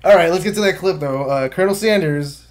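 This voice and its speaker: A man's voice: a little high, fast talker. A man co-hosting a casual podcast chat, rambling loosely and laughing easily. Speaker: podcast co-host.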